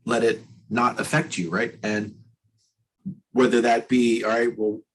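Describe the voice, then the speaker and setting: Husky and medium in pitch, this man delivers his words flatly at a measured pace as a strength coach guest on a podcast interview. He's blunt, emphatic, and liberal with swearing. The recording is rough, with a bit of hiss or hum.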